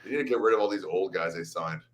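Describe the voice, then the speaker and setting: A man's voice: sits low, fast. A man, a comedian, chatting casually as a guest, joking and self-deprecating with laughs. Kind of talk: casual chat.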